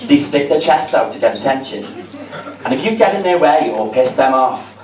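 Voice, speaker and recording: A man's voice: medium pitch, animated, normal speed, a little mellow. A man with a Liverpool accent doing a camp, chatty, self-mocking stand-up set in a comedy club. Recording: roomy, distant, with crowd noise.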